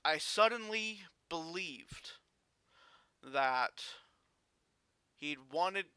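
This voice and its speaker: A man vlogging a personal story in an earnest, halting way with frequent restarts. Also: a little high, animated, pushed and bright, clear, resonant tone, no echo.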